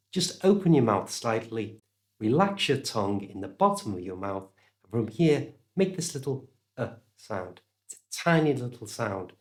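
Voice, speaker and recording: A British man talks slowly through a pronunciation lesson, and his voice rises and falls a lot. He enunciates each sound with care and demonstrates every example clearly. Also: lowish voice. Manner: clear, slow, careful enunciation with exaggerated examples. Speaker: English teacher.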